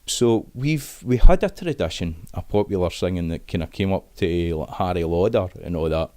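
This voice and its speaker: A man's voice: deep voice, animated, moderate pace, darkish tone, dry recording. A man with a Scottish accent talking casually in an interview, chatty, with frequent restarts and dialect words. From Scotland. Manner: chatty, many restarts and fillers, dialect words like aye and wee. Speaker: Scots language expert guest.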